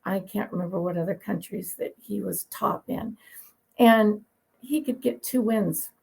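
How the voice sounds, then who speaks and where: A woman dog breeder tells her stories in a relaxed, opinionated interview. Her voice is gravelly and husky, with a grainy, rough texture. She talks in a chatty way and laughs easily. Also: medium pitch, measured pace, low-quality recording. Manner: chatty, opinionated, laughs while telling anecdotes. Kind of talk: conversational interview storytelling.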